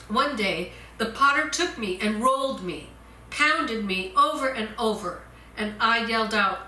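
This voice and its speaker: A woman minister delivering a sermon in a church, slow and deliberate, repeating her key points. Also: fairly high pitch, animated, bright, forceful tone, slight background noise. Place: church sanctuary. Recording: roomy church echo.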